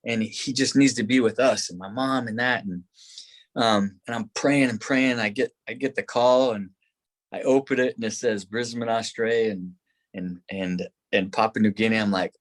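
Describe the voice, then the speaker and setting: A man's voice: medium pitch, moderate pace. A man, a guest on a podcast, telling a personal story in a rambling, emotional way, with many restarts, acting out his own past words. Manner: grows excited and tearful in the telling.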